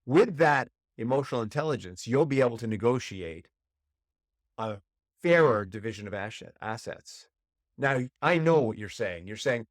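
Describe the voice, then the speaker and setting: A man's voice: expressive, fairly quick, dry recording. Male podcast host, dry storytelling voice. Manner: storytelling, acts out quoted inner voices with sudden high pitch jumps. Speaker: podcast host and relationship coach. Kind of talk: solo podcast monologue.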